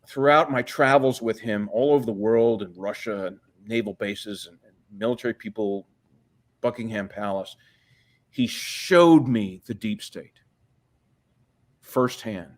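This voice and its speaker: A man's voice: lowish voice, measured pace. A middle-aged man speaking as an interview guest, rambling from story to story. He swears freely and acts out the voices of people he quotes. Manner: rambling, profane, re-enacts quoted dialogue.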